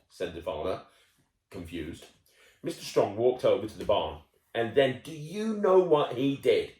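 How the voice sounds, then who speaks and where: A man's voice: mid-range voice, sing-song, measured pace, a little mellow, roomy sound. A man reading a children's picture book aloud, playful and chatty, breaking off to talk with the child listening. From United Kingdom. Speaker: children's storyteller.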